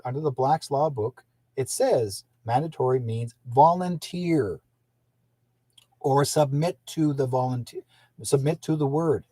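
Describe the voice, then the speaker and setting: Male radio host with a husky, dry voice; casual rambling monologue. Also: a little high, warm tone, no room sound. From British Columbia, Canada. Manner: rambling, with restarts and acted-out quotes.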